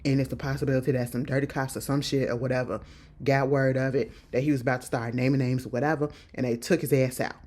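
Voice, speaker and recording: A woman casually recapping a TV episode, telling it in lively slang and acting out what the characters say. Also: extremely low pitch, fast talker. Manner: animated, slangy storytelling that acts out the characters' lines.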